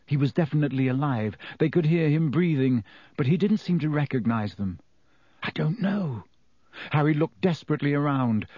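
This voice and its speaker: A man reading an audiobook aloud as narrator, with dramatic shifts between slow and quick delivery. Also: on the high side, expressive, warm tone, no echo. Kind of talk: scripted narration.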